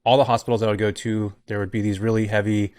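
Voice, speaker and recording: A man in his forties from California, a podcast guest telling his story in a relaxed, chatty way with plenty of ums. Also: on the low side, quick pace, no echo. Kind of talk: casual podcast chat.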